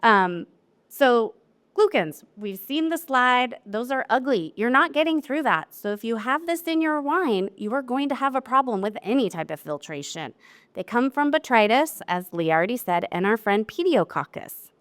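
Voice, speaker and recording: A woman presenting a live technical seminar to an audience. She talks in a chatty, lively way and acts out quotes from her clients. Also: fairly high pitch, normal speed. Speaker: wine lab specialist presenting a seminar.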